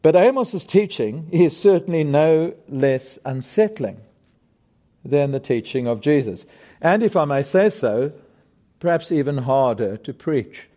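A middle-aged man preaching a sermon, emphatic and deliberate, putting rhetorical questions to his congregation. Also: a little high, animated, mellow.

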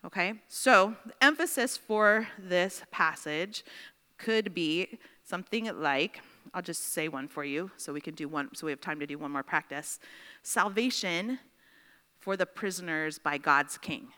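A woman's voice: lowish voice, a little slow, sharp tone, clean tone, big-room sound. A woman teaching a Bible study class in a chatty way, often checking in with her students.

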